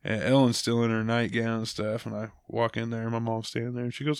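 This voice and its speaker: A man's voice: medium pitch, little pitch movement, fast talker, hardly any pauses, smooth, no room sound, studio quality. A man in his thirties in casual chat, telling funny stories about his kids and laughing often.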